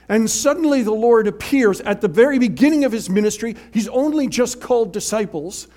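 High-voiced, animated male preacher. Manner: animated, emphatic, swings from loud to hushed. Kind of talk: sermon.

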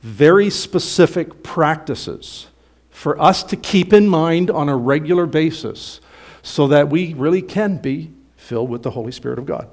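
A man preaching a sermon, emphatic and swelling loud on key points, then dropping low and quiet at the ends of phrases. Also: expressive, a little slow. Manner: emphatic preaching, rising loud on quoted passages. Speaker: pastor.

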